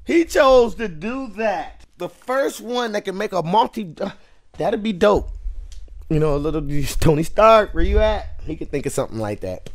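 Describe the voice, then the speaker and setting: A man's voice: high-pitched, very animated, moderate pace. A man reacting to a movie, musing aloud in a chatty way. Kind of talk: casual reaction commentary.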